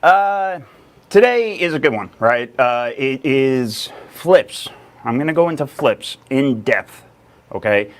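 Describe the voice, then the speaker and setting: A man's voice: mid-range voice, lively intonation, slow pace. A man hosting a casual live stream about real estate, talking energetically with lots of fillers and rambling asides. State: a little out of breath.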